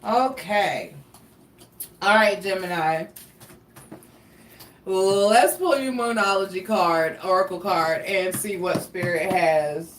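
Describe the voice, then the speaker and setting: A woman's voice: mid-range voice, slow pace, pauses often, slight background noise. A woman giving a casual tarot and astrology reading, chatty and blunt, drifting into asides and swearing. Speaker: tarot reader. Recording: roomy, somewhat distant mic with faint ambience.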